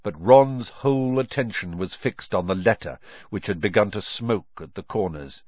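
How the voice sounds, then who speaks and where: A man reading a children's novel aloud as audiobook narrator, with expressive storytelling. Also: fairly low pitch, normal speed, no echo. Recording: dry, dull lo-fi recording.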